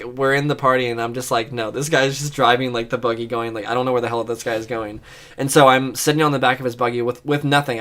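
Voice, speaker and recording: A man's voice: medium pitch, a bit bright. Rambling, cursing young-sounding man. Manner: rambling storyteller, swears, many fillers. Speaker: podcast co-host. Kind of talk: casual chat.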